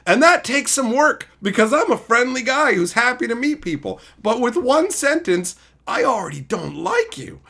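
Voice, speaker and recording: A middle-aged man chatting casually on a live stream, reading chat and telling animated, profane stories. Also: high voice, normal speed. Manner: animated, profane storytelling, mimics people.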